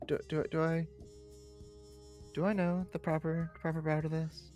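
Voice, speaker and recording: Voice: medium pitch, level tone, moderate pace, a little mellow, faint music behind. A player in a tabletop role-playing game, moving between in-character talk and out-of-character asides and repeating words when unsure.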